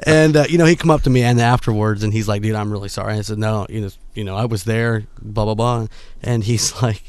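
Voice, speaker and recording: A man who plays in bands, telling animated stories and laughing often in a casual chat. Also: lowish voice, brisk. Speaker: musician guest.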